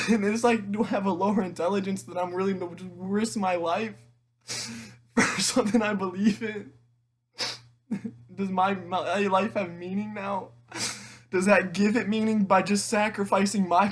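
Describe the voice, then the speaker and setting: A teenage man in an emotional monologue to camera, tearful and halting, rambling with frequent restarts and swearing. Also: high-pitched, slightly rough. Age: teens. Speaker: vlogger.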